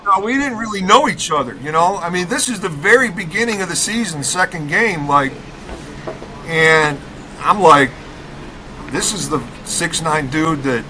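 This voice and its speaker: A middle-aged man from Rockford, Illinois, a podcast guest telling an animated story about his college basketball days, emphatic and fond of tagging his lines with "okay?". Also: a little high, moderate pace, a little hiss or hum, low-quality recording.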